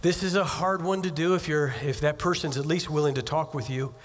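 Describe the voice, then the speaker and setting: A man's voice: fairly high pitch, steady tone, brisk. A pastor preaching a sermon in an earnest, conversational way, acting out little scenes as he goes. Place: church sanctuary. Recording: long hall reverb.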